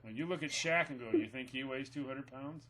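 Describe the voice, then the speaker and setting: A man's voice: mid-range voice, a little fast, sharp tone. A middle-aged man co-hosting a casual chat, telling stories with a joking manner and frequent laughter. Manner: joking storyteller, laughs often. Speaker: podcast co-host.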